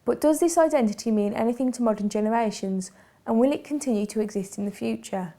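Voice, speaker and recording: A woman giving scripted documentary narration in a measured, formal way. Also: fairly high pitch, dark tone.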